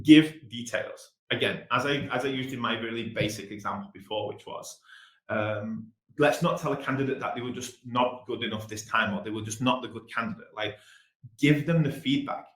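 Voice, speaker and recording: A man with an English accent giving a fast-paced business webinar presentation. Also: fairly low pitch, echoey room, rough recording. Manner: fast-talking, energetic.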